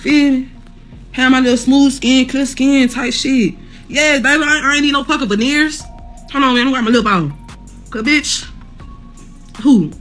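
Defiant bright-voiced woman ranting to camera. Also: high voice, a little slow, long pauses, faint music behind. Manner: defiant, boastful, repetitive, slangy. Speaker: vlogger recovering from burns. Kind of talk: casual monologue to camera.

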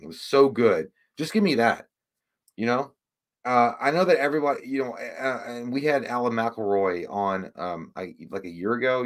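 A man's voice: mid-range voice, fairly bright tone. A man hosting a casual livestream, rambling and swearing, easily frustrated. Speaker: livestream host.

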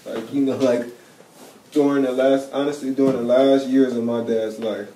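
A man's voice: mid-range voice, level tone, moderate pace, mellow, a little hiss or hum. A young man speaking casually and earnestly as an interviewer, with many fillers like "like" and "you know what I'm saying.". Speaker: interviewer, son of a late drummer. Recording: roomy sound from a distant mic.

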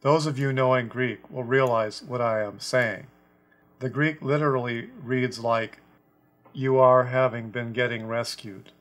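Measured man teaching a scripture lesson. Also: medium pitch, fairly even intonation, a bit bright, faint music behind. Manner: deliberate, measured, stresses quoted words. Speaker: Bible teacher. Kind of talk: scripture lesson explaining a translation.

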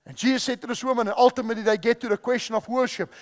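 A man's voice: very high-pitched, steady tone, racing. A male preacher giving a sermon, repeating key phrases and quizzing the audience, in a large church hall. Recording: long hall reverb.

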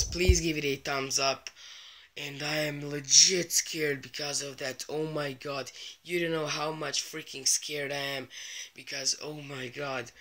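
A man's voice: fairly high pitch, slight background noise. A young man hosting a horror game let's play, whispering and exclaiming in fear as he plays. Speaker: gaming channel host.

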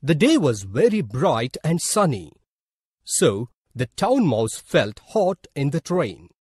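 A man with an Indian English accent narrating a children's story for a school lesson in a slow, deliberate way. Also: fairly high pitch, big pitch swings, a little mellow, breathy edge, no room sound, clean studio sound.

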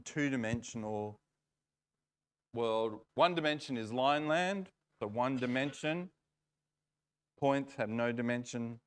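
A man preaching in church, telling a story in an unhurried, playful way. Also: mid-range voice. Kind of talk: storytelling sermon.

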